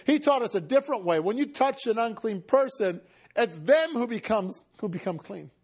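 A man preaching, telling a story in a conversational way and acting out the dialogue, shifting between loud and hushed. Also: high voice, expressive, normal speed, slightly rough. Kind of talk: storytelling sermon.

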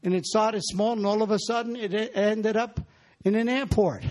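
A man's voice: high voice, steady tone, normal speed, a little mellow. A man preaching a sermon in a church, exhorting the congregation and calling for their responses.

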